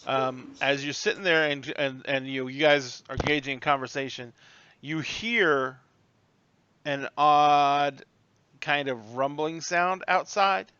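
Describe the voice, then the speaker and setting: A man running a tabletop game in a loose, rambling way, full of fillers. His voice is bright and smooth, with a fairly high pitch. The recording sounds dry and a little muffled. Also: steady tone, a little slow, no room sound. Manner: casual, rambling, many fillers. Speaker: game master.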